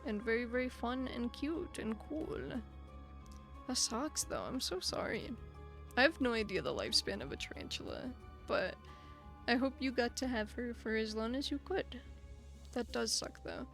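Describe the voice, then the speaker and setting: Over soft background music, a young woman streams live in a fairly high, expressive voice at a moderate pace. She chats casually and sympathetically with her chat, using lots of fillers and soft laughs, sounding a little tired and out of breath.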